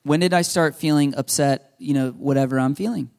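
A man's voice: fairly high pitch, a little fast, gravelly, a little mellow, smooth. A man in his thirties preaching a sermon in a conversational way, repeating himself and laughing now and then. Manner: conversational, repetitive, laughing asides. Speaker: pastor.

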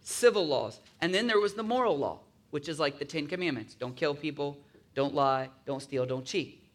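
The pastor's voice sits on the high side, with lively intonation and a normal speed. His sermon feels like a conversation: he keeps asking listeners to agree and slips into asides imitating grumbling voices.

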